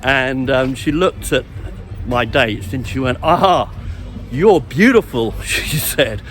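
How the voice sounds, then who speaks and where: A man's voice: medium pitch, slow pace, fairly bright tone, a little hiss or hum. A middle-aged man walking along a street and telling a meandering, reflective story about dating, with many fillers and restarts. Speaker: vlogger on dating. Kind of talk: rambling anecdotal storytelling.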